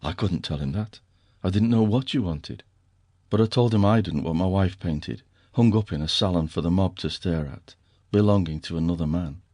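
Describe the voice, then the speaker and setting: A man's voice: low voice, moderate pace, darkish tone, dry recording, clean studio sound, pitched below the performer's own voice. A male narrator voicing a teasing, affectionate young husband with a wry, fond way of talking.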